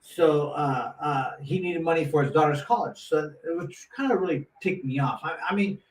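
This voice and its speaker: Man guest, lively storyteller, slightly high voice, echoey room, off-mic with faint hiss. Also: normal speed. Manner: animated, acts out quotes with lots of restarts. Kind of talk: casual storytelling. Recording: roomy echo, mic at a distance, faint noise.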